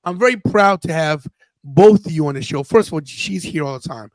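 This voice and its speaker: Fifties guy hosting a podcast, kinda high voice, earnest and rambly, dead dry mic. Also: a little fast, no room sound, rough recording. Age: 50s. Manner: earnest storytelling, restarts often. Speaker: podcast host. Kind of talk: casual podcast chat.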